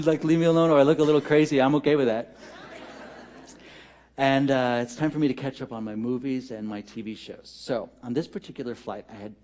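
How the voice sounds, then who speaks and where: A man's voice: mid-range voice, warm tone. A man giving a storytelling sermon, conversational and humorous, who talks directly to his congregation. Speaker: minister. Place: church sanctuary.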